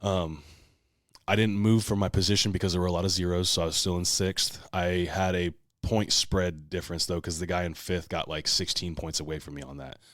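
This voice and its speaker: A man hosting a casual podcast, telling a competition story with lots of swearing, and loudly acting out what he shouted. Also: low-pitched, a little fast, no room sound, clean studio sound. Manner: animated storyteller, swears a lot, shouts out quoted lines. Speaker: podcast host. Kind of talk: casual chat.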